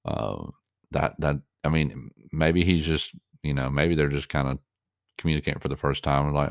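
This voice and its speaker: A man's voice: rumbling low, moderate pace, gravelly, no room sound, studio quality. A man giving reaction commentary on a show, earnest and openly moved, rambling with many fillers and restarts.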